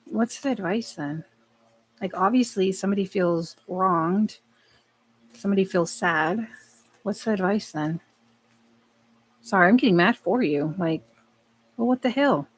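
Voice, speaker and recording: Woman tarot reader, mid-pitched voice, casual, profane, frank, thinking aloud while pulling cards. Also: a little slow, long pauses, husky. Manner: blunt, profane, talks to the cards and to herself. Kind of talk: live tarot reading, casual chat.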